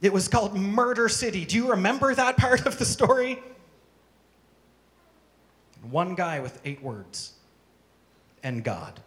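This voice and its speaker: A man's voice: high voice, very animated, a little slow, pauses often, fairly bright tone. A man preaching a sermon to a congregation, emphatic and driving his points home with strings of rhetorical questions. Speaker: pastor. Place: church service with congregation.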